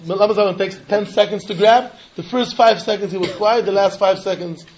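A man giving an animated Talmud lecture in a sing-song way, asking rhetorical questions and laughing often. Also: sits high, fairly quick, slight background noise. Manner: sing-song, mixing English, Yiddish and Hebrew. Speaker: Talmud teacher. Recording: dull lo-fi recording.

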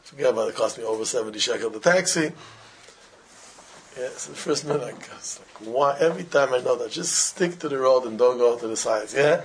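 A man teaching an informal religious class, telling animated everyday stories in simple, broken English with Hebrew and Yiddish terms mixed in. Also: mid-range voice, fairly quick. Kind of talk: informal Torah talk with stories.

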